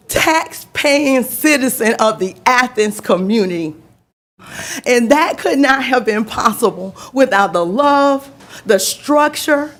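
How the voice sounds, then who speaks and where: Woman speaking slowly at a public podium, heartfelt, repeats herself, laughs mid-sentence. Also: on the high side. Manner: emotional, laughing between words, repeating phrases. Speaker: public commenter, recovery home resident. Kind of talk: personal testimony at a public meeting.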